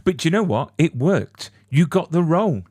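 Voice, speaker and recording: A man's voice: fairly high pitch, very animated, moderate pace, a little mellow, dry recording, clean studio sound. A man hosting an interview, asking long, enthusiastic, rambling questions. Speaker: interview host. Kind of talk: casual interview.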